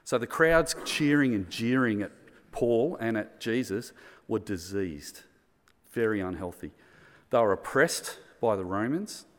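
A man's voice: fairly low pitch, animated, a little slow, long reverb tail. A middle-aged man with an Australian accent preaching a sermon in an earnest, conversational way. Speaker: pastor.

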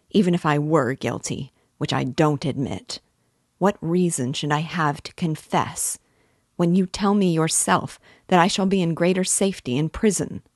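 A woman's voice: low-pitched, dry recording, clean studio sound. A woman reading the lines of a bitter young man, scornful and weary in manner. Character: bitter young male former student, contemptuous.

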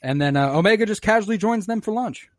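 Guy animatedly retelling an episode, does little voices, kinda high voice, dry close sound. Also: fast, no room sound. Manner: animated storyteller who acts out characters' lines, swears freely. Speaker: podcast co-host recapping a show. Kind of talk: casual chat.

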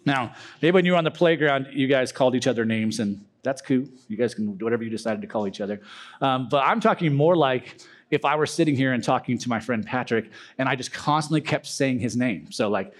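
A man's voice: medium pitch, animated, a little fast. Joking young man teaching a youth group. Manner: joking, self-deprecating, acts out silly prayer voices.

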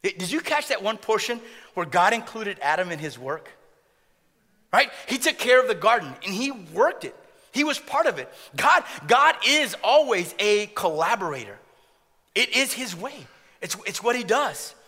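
A man's voice: high-pitched, sing-song, normal speed, bright, forceful tone, big-room sound. A man preaching a sermon in a joking way, often repeating words and laughing at his own jokes. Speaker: pastor.

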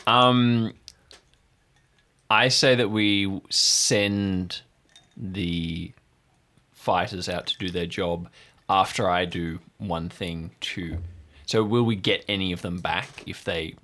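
A man's voice: low voice, steady tone, slow, long pauses, sharp tone. A man playing in a tabletop game, hesitant and full of ums. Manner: hesitant, lots of ums, drawn out. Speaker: player. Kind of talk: tabletop role-play.

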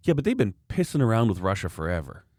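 A man's voice: lowish voice, fast, dry recording, studio quality. A man talking in a casual, opinionated, rambling way, acting out the people he quotes. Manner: opinionated, rambling, animated quoting. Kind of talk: casual political chat.

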